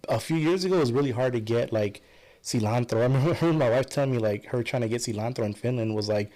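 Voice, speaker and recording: Fast, rambling male storyteller on a casual podcast. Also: mid-range voice, warm tone. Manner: rambling storyteller, many restarts and fillers. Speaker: podcast guest. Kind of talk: casual chat.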